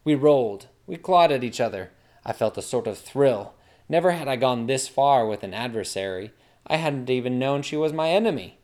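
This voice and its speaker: A man's voice: medium pitch, lively intonation, normal speed, darkish tone. A man narrating a comic fantasy story in a wry, dramatic storytelling manner.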